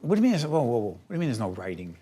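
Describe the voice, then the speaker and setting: A middle-aged man hosting a TV studio interview, asking quick, jokey questions and cutting in often. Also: medium pitch, huge pitch swings, dark tone, a little hiss or hum. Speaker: TV interview host.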